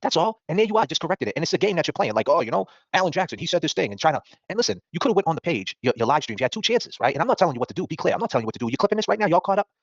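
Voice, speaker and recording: A man hosts a podcast and rants at his critics in a fast, combative, profane voice. His pitch swings a lot, and it sits a little higher than most men's. The recording sounds dull, lo-fi and dry. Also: sing-song, dry recording. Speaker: podcast host. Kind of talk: ranting talk-show monologue.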